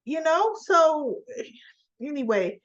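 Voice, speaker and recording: A woman's voice: high-pitched, big pitch swings, takes it slowly, fairly bright tone, highs cut off. A woman giving a casual, opinionated recap of a soap opera episode, talking back to the characters as she goes.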